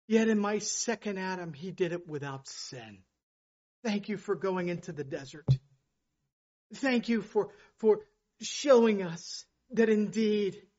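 A man with a high voice preaches a fervent sermon. He repeats phrases for emphasis and moves between ringing declarations and quiet, prayerful passages. The recording sounds dull and lo-fi. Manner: fervent, repeats phrases, swings from loud to hushed.

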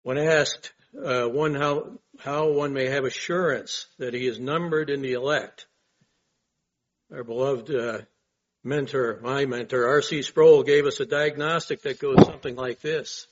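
A man's voice: medium pitch, fairly even intonation, a little slow, muffled recording. A male pastor preaching a sermon in an earnest way, asking rhetorical questions and swelling on his key points.

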